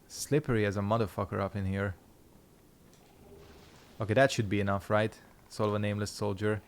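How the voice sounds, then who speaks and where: A man's voice: lowish voice, level tone, moderate pace. A man chatting casually while streaming a game, rambling and swearing freely. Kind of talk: casual gameplay commentary.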